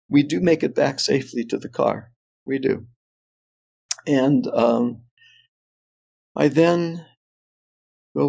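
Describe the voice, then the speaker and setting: Gravelly older man telling a lively story. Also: mid-range voice, slow, pauses often. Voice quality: animated, laughs often while telling stories. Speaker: interview guest. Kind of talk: anecdotal storytelling.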